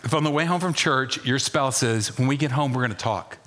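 A man preaching a sermon as pastor, animated, dropping to a hush and rising loud, asking the congregation questions. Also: medium pitch, a little fast, a little hiss or hum. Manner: animated, swings from hushed to loud.

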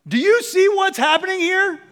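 Donkey voice: male, squeaky and aggrieved, a preacher putting it on mid-sermon. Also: lively intonation, moderate pace, fairly bright tone. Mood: indignant. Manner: high, pleading complaint. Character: talking donkey, male, hurt and indignant. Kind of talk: sermon storytelling.

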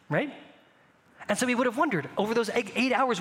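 A man preaching a sermon as pastor, conversational and animated, asking the congregation rhetorical questions. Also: extremely high pitch, brisk, in a large hall, slight background noise.

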